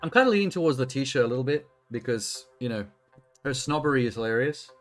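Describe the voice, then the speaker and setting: A man's voice: mid-range voice, lively intonation, quick pace, soft background music. Chatty man streaming a game. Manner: chatty, profane, self-talking while playing. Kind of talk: casual let's-play commentary.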